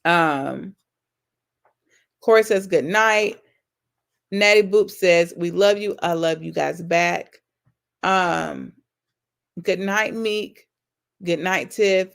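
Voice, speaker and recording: A woman's voice: on the low side, slow, gravelly, pauses often, clean tone. A woman hosting a casual live-stream Q&A. She reads out viewer comments and answers them in an earnest, affectionate, faith-filled way. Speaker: YouTube channel host.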